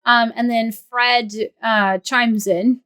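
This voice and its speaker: A woman's voice: fairly high pitch, slow, clean tone. Woman narrating as game master. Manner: casual, steady narration with frequent fillers.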